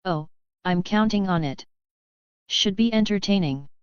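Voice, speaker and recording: A woman's voice: mid-range voice, unhurried, clean tone, no echo, muffled recording, natural voice. Woman reading a cocky teen wizard, taunting. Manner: casual, mocking arrogance. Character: cocky teenage boy wizard, arrogant and taunting.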